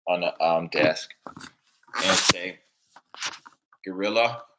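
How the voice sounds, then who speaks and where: A middle-aged man, a father and teacher, telling rambling, animated stories in casual chat and laughing at his own anecdotes. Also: low voice, takes it slowly, heavy background noise. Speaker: father, teacher living in Japan.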